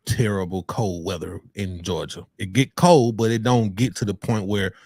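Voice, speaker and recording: A man co-hosting a casual podcast, relaxed and slangy, joking around with his partner. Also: lowish voice, normal speed, dry recording, studio quality. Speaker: podcast co-host.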